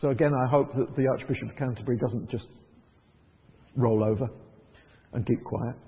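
A man preaching a conversational sermon in church, lively and chuckling, dropping to soft prayerful tones. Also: medium pitch, normal speed, gravelly, in a large hall, phone-quality sound.

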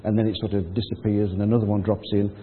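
A man's voice: on the low side, little pitch movement, quick pace, breathy edge. A man giving a sermon, telling the story in a conversational way and acting out the quotes. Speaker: preacher. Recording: phone-like audio with long hall reverb.

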